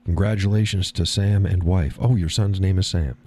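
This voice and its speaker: A man's voice: low voice, steady tone, moderate pace, warm tone, slightly rough. A man hosting a live stream, chatting casually and reading the chat, folksy and easygoing, often repeating his own phrases.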